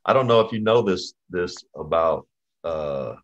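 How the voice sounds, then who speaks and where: A middle-aged man hosting a chat show, telling a story in a relaxed, halting way with lots of ums. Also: low voice. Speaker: podcast host. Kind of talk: casual interview chat. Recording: slightly dull lo-fi audio.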